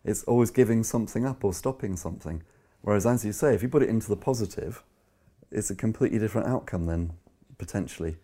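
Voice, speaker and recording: A man's voice: fairly low pitch, quick pace, mellow. A man hosting a podcast interview, chatting easily and giving short agreeing replies. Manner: brief agreeing replies, easygoing. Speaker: podcast host. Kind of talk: casual interview talk.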